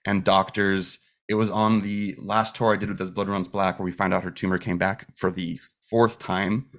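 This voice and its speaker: Man guest, lowish voice, emotional storyteller, swears a lot, acts out quotes. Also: normal speed. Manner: emotional, profane, animated retelling with acted quotes. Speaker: podcast guest, musician. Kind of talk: candid storytelling in casual chat.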